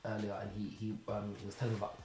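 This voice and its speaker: A man's voice: fairly low pitch, completely flat delivery, rapid-fire, darkish tone, a little hiss or hum. A man from Zimbabwe hosting a casual podcast chat, telling stories with animation and then turning earnest and reflective. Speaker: podcast host. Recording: roomy echo.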